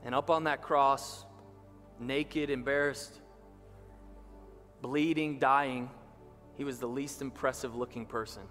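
A man preaching a sermon as pastor, impassioned, slowing down and rising for emphasis. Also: medium pitch, fairly even intonation, fairly bright tone. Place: church sanctuary. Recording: reverberant church hall with music behind.

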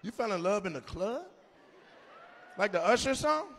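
High, lively man teasing a crowd. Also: moderate pace. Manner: teasing, animated, bursts into loud exclamations. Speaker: stand-up comedian. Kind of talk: live stand-up crowd work.

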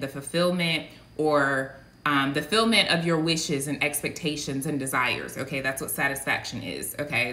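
A woman's voice: low-pitched, bright, forceful tone, echoey room. A woman minister giving a casual, digressive sermon, talking straight to her online viewers. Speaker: prophetic minister.

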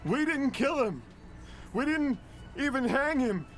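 A man's voice: very high voice, big pitch swings, takes it slowly, fairly bright tone, soft background music, voice pushed up, full character voice. A man putting on the voice of a scared, wheezing male dockworker, pleading and whiny.

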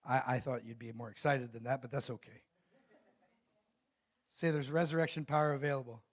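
A middle-aged man preaching a sermon as a pastor, calling out questions to the congregation and reading scripture slowly and emphatically. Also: mid-range voice, steady tone. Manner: call-and-response preaching, asks the congregation questions.

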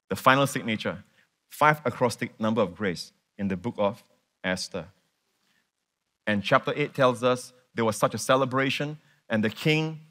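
Bright-voiced male preacher, emphatic. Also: medium pitch. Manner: animated, emphatic preaching with repeated words and questions to the congregation. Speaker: pastor. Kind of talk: sermon.

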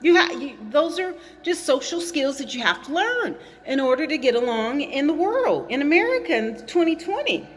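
A woman's voice: high voice, sing-song, moderate pace, hardly any pauses, in a large hall, a little hiss or hum. A woman vlogging from a hot garage, rambling and indignant as she repeats her points while chewing gum. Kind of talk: casual opinion vlog.

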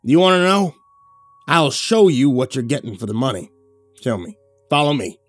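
A profane, short-tempered old man barks his lines in a horror story reading, as a man puts him on. The voice sits higher and louder than the narration around it. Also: very animated, normal speed, dry recording, faint music behind. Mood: gruff. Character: gruff old backwoods man with shotgun.

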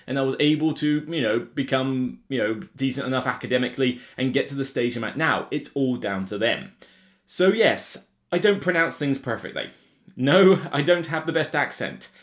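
A man with a Somerset English accent, talking casually to camera as a board game video host, ranting with lots of fillers. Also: medium pitch. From England (Somerset). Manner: animated, rant-like, with many fillers.

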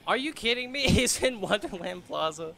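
Excitable young man doing game commentary. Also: sits high, moderate pace, gravelly, a little hiss or hum. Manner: excitable, swearing, laughing, talks to game characters. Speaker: gaming YouTuber. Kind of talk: let's play commentary.

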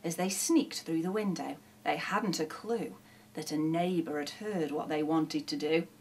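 A woman's voice: low-pitched, measured pace, darkish tone. A woman, a teacher reading a rhyming children's book aloud in a sing-song storytelling manner.

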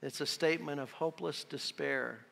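A man's voice: fairly high pitch, normal speed, gravelly, bright, forceful tone, big-room sound. A man preaching a sermon as pastor, reading scripture with emphatic, dramatic delivery. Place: church sanctuary.

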